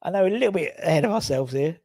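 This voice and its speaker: A man hosting a live football fan show, chatting casually, animated and sweary, reading viewer comments aloud. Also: a little high, very fast, gravelly, no room sound, clean studio sound. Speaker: fan channel host. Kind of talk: casual live matchday chat.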